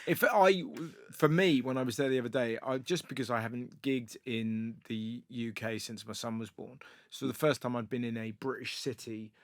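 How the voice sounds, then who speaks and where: A man's voice: mid-range voice, normal speed, few pauses, no room sound. A man hosting a casual chat, prompting his guest with questions and dry asides. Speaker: host.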